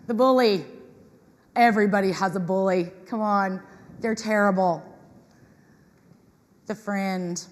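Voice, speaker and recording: A woman giving a lively talk to an audience, acting out customers in quoted voices. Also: medium pitch, slow pace, long pauses. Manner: animated, acts out tenants in quoted voices. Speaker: conference speaker on property management. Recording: reverberant hall.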